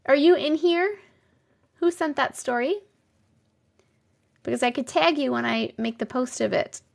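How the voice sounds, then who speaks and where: A woman's voice: high voice, measured pace, creaky. A woman with a New York accent hosting a casual live stream, chatting with viewers, exclaiming and laughing often. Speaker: live stream host reading viewer stories.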